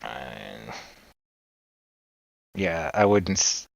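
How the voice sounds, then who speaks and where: A Canadian-accented man hosts a casual livestream, his very deep voice sing-song and very slow, with vocal fry. He rambles, jokes and laughs often, and the sound is dull and lo-fi.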